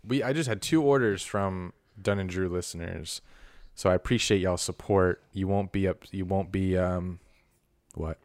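Smooth low-voiced male podcaster. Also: normal speed, no room sound. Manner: relaxed, rambling storytelling with slang. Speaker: podcast co-host. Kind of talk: casual podcast chat.

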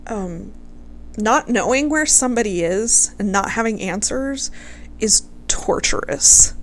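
A woman's voice: mid-range voice, expressive, slow pace, a little hiss or hum. A woman casually telling a history story to her viewers, gushing over her subject, swearing freely and close to tears.

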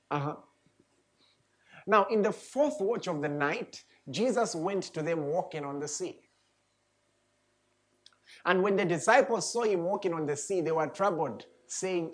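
An emphatic preacher delivers a sermon in a mid-range voice. The speaker moves between slow, deliberate scripture reading and pressing, repeated rhetorical questions aimed at the congregation. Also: mid-range voice, animated. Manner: reads scripture aloud, then comments.

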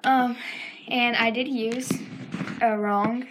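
Southern american woman hosting a casual lesson podcast, slow and hesitant, lots of ums. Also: fairly high pitch, fairly even intonation, very noisy. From Southern United States. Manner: hesitant, many ums, self-correcting. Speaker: podcast host. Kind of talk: informal educational correction.

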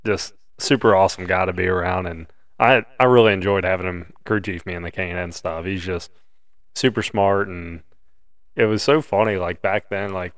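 A man co-hosting a podcast, reminiscing in a relaxed, friendly way. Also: low voice, moderate pace, clean tone, dry recording, clean studio sound. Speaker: podcast co-host. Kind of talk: casual chat.

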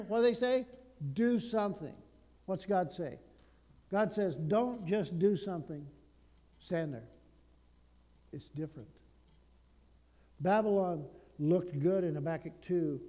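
A male pastor preaching a sermon, swinging between loud declarations and hushed asides. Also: on the high side, long reverb tail.

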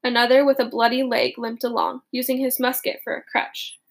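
A woman reading a first-person story aloud in a steady, plain manner. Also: fairly high pitch, a little fast, vocal fry. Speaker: audiobook narrator.

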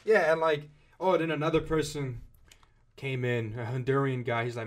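A man's voice: medium pitch, fairly quick. A young man co-hosting a casual podcast, telling a long story in a rambling, profane, slang-heavy way. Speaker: podcast co-host.

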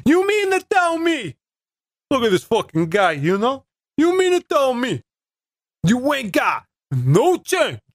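A man putting on a mobster-style New Jersey accent to play a rude, belligerent customer who talks slowly and gruffly. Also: very high voice, wildly swooping pitch, no echo, studio quality, voice pushed up, full character voice. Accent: put-on Sopranos-style New Jersey mobster. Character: rude loudmouth mobster-type man in line.

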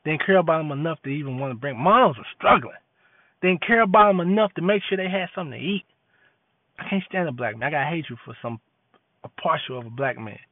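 A man's voice: fairly high pitch, expressive, fast, no room sound. Preachy man on a tinny line. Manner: preachy, repetitive, street slang. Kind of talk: impassioned monologue. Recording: tinny phone-like dry audio.

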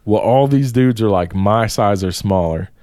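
A man's voice: lowish voice, moderate pace, dry recording, clean studio sound. Profane man spinning a wild story. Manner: profane, animated storytelling with frequent swearing. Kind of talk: casual storytelling chat.

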